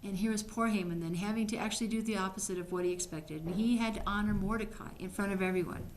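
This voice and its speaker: A woman Bible study teacher retelling a Bible story casually, lively and acting out the people in it. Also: medium pitch, fast talker. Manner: lively, acts out quoted voices.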